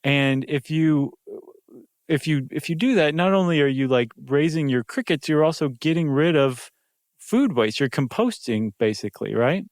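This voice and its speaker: A man's voice: a little high, expressive, moderate pace, darkish tone, dry recording, clean studio sound. A man co-hosting a podcast in casual chat, jokey and chatty with filler ums. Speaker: podcast co-host.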